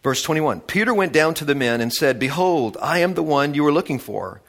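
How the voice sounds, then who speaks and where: A man's voice: on the high side, expressive, a little fast. A man teaching a casual Bible study, reading verses and adding chatty, enthusiastic asides.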